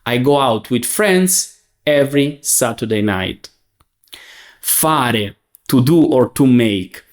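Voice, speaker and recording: Guy teaching beginners, real slow and patient, spells out every form. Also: medium pitch, lively intonation. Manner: patient, spells out forms and translates each one. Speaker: Italian teacher. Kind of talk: slow, clear beginner grammar lesson.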